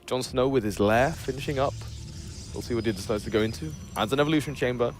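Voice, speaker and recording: A man commentating a strategy game as a caster, joking dryly with his co-caster between steady, analytical calls. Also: medium pitch, fast talker, faint music behind. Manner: dry joking banter, then steady analysis. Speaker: esports caster.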